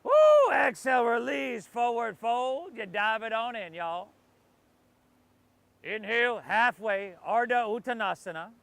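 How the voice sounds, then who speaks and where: A man's voice: extremely high pitch, unhurried, vocal fry, bright, forceful tone, dry recording. A man leading a guided yoga class outdoors, calling breath cues with playful joking asides. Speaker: yoga instructor. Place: outdoors by the ocean.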